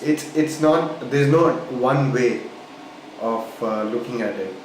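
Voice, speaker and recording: A man's voice: mid-range voice, slow, slight background noise. A man answering an interview question, stumbling over and restarting his words. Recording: very echoey room.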